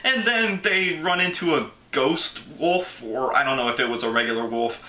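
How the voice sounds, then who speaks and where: A man's voice: a little high, expressive, normal speed, sharp tone. A man from Florida with a Southern accent, chatting casually through a movie review and breaking into goofy voices. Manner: chatty, jumps into goofy impressions. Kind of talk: casual video commentary. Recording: echoey room.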